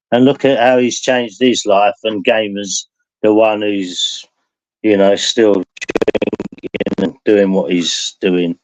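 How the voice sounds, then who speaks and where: A man's voice: mid-range voice, a little mellow, rough recording. A man who hosts a live stream, chatting casually and telling rambling stories that he laughs through. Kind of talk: casual chat.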